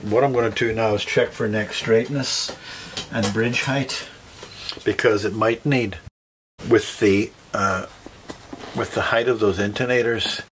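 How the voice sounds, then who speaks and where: A Northern Irish luthier talks through a guitar setup as he works, thinking aloud and correcting himself as he goes. His voice sits somewhat low. A faint hiss and small clicks run behind his speech. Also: steady tone, a little slow, a bit bright. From Northern Ireland. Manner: thinks aloud while working, self-correcting. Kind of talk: workshop tutorial, talking through repairs.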